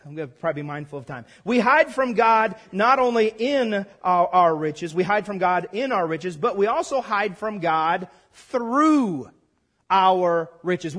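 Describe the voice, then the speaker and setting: High-voiced animated preacher man. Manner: animated preaching, repeats lines for emphasis; mimics congregation voices with humor. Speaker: pastor. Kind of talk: sermon. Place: church sanctuary before a congregation.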